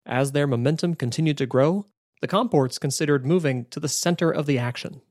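A male narrator telling a documentary story in a measured, scripted way. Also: fairly high pitch, a little mellow, dry recording, studio quality.

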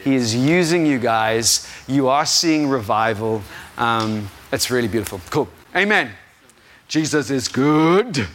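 A man's voice: mid-range voice, animated, measured pace, fairly bright tone, slight background noise. A young adult man with a South African accent preaching an informal sermon, rambling and self-deprecating, laughing at himself often. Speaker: guest preacher.

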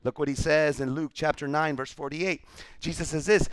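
A male pastor preaching a sermon, retelling scripture with animated storytelling. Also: a little high, moderate pace, clear, resonant tone, dry recording.

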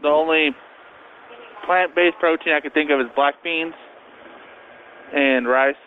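A man working at a fast-food restaurant, answering the phone with flat, brief replies. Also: fairly high pitch. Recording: tinny phone line with faint hiss.

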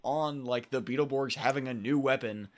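A man's voice: mid-range voice, moderate pace. A man co-hosting a podcast, recapping a TV episode in rambling, laughing casual chat and acting out bits of dialogue. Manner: rambling, laughs often, acts out lines.

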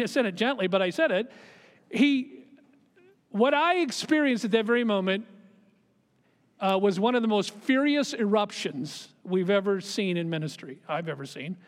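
A middle-aged man, a pastor, preaching a sermon and telling a personal story, moving between quiet asides and emphatic raised lines. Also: high-pitched, unhurried, long pauses. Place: church sanctuary. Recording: long hall reverb of a church.

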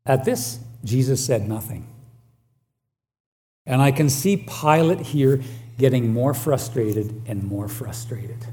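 A man preaching a sermon and reading scripture aloud, slow and deliberate, rising louder on key lines. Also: mid-range voice.

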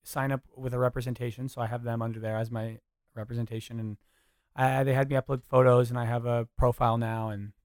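A young man hosting a podcast, telling stories in an animated, casual way and swearing freely. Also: mid-range voice, quick pace, no echo, clean studio sound. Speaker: podcast host. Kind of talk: casual storytelling chat.

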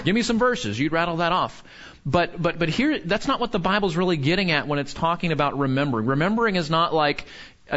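A man's voice: a little high, a bit bright. Earnest man teaching Scripture, lo-fi. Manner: earnest, frequent restarts and filler words. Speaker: pastor. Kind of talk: conversational Bible teaching. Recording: slightly dull lo-fi sound.

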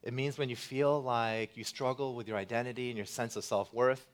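A man preaching a sermon as pastor, earnest and building to loud, emphatic passages. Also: mid-range voice, steady tone, fairly quick.

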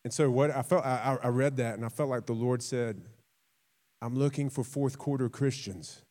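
A man preaching a sermon, telling stories with acted quotes, repeating himself and dropping suddenly to a quiet voice. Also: mid-range voice, normal speed. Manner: repeats and restarts words, conversational.

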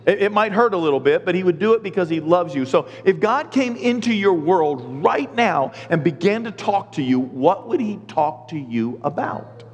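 A middle-aged man preaching a sermon as pastor, animated and acting out the voices of people and God. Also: high voice, normal speed, hardly any pauses, long reverb tail, muffled recording.

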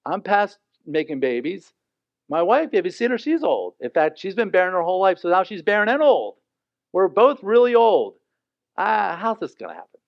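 A man's voice: high voice, very animated, normal speed, creaky, no room sound, exaggerated voice. Man doing an old priest, doubting and complaining, dull, dry recording. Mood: skeptical. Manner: incredulous, complaining.

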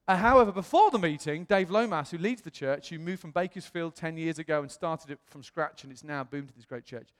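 British pastor in a reverberant hall. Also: male voice, fairly high pitch, brisk, hardly any pauses. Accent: British English. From England. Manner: animated, acts out quoted voices. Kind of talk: storytelling sermon.

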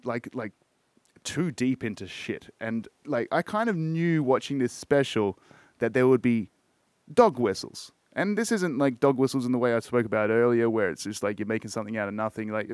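Podcast host, man, mid-pitched, loose rambling delivery with lots of swearing, dry close mic. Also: no room sound. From Australia. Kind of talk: casual music podcast chat.

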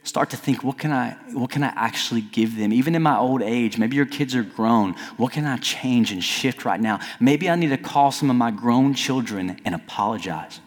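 A middle-aged male pastor preaching a sermon in a conversational style, at times climbing to near-shouting. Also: mid-range voice, moderate pace, few pauses. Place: church sanctuary. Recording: long reverb of a church hall.

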